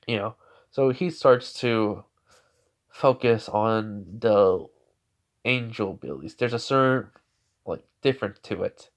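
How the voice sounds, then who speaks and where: A man's voice: fairly low pitch, unhurried, pauses often. A man narrating an improvised fan story in a rambling way, full of fillers and restarts. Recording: dull lo-fi recording.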